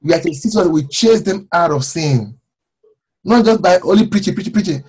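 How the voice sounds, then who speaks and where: A man, an apostle, leading fervent prayer and preaching a sermon, repeating phrases and rising to shouts. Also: high voice, lively intonation, brisk, breathy edge. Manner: fervent, repetitive, shouting at times.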